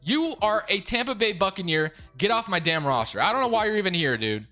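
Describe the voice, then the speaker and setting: A young man giving casual commentary over a football video game, excitable and quick to rant in frustration. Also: high-pitched, soft background music. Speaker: gaming YouTuber.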